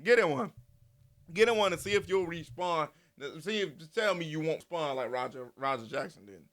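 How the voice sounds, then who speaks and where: A man giving casual, animated commentary, repeating himself and swearing freely. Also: fairly high pitch, fairly quick. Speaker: commentary channel host.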